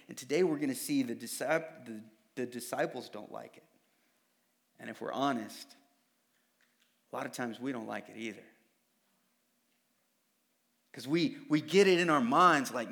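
A pastor with a slightly high, somewhat bright voice preaches at a normal speed with lively intonation. His sermon is casual and conversational, and he often acts out what other people say.

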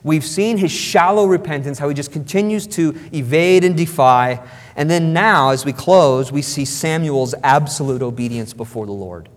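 A man's voice: on the high side, normal speed. A man preaching a sermon as pastor, emphatic and repeating phrases for stress. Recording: long hall reverb.

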